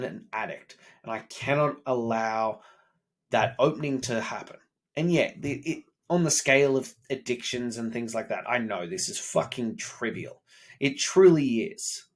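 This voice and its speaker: Man, 30s; candid, profane self-improvement vlogger talking to camera. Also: mid-range voice. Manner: blunt and profane, self-critical. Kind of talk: candid personal monologue.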